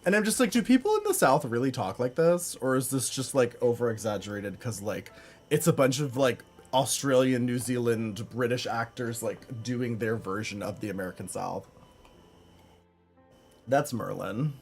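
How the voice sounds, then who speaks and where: A man's voice: mid-range voice, animated, moderate pace, a little mellow, slightly rough, faint music behind. A man live-streaming from home, chatting casually with viewers, rambling with lots of fillers and frequent laughs. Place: home room.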